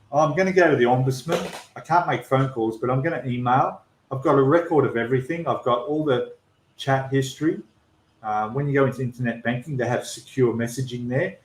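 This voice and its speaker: An Australian man talks at a middle pitch, venting with emphatic frustration and often restarting his sentences. His voice carries a noticeable roomy echo, as if from a bare room on a live stream. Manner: exasperated, emphatic complaining with repeated restarts. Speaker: channel host.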